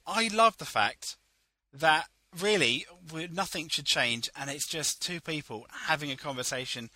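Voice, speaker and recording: A man's voice: a little high, pushed and bright, dry recording. A young man co-hosting a podcast in casual, rambling chat, laughing often. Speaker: podcast co-host.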